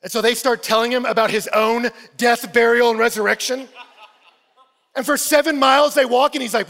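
Man, high voice, animated sermon, playful storytelling, long hall reverb. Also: brisk. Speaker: pastor.

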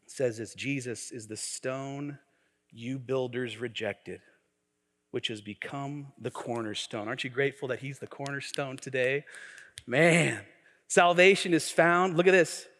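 Animated preaching pastor in a reverberant hall. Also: male voice, mid-range voice. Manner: animated preaching with humor and acted quotes. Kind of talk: sermon. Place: church sanctuary.

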